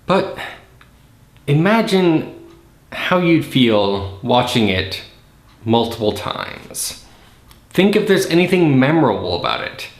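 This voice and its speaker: A man's voice: mid-range voice, sing-song, takes it slowly, pauses often. A man hosting a podcast who casually and sarcastically tears apart a horror movie scene by scene. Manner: sarcastic, acts out scenes in silly voices. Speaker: podcast host. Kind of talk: casual comedic movie critique. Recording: roomy echo.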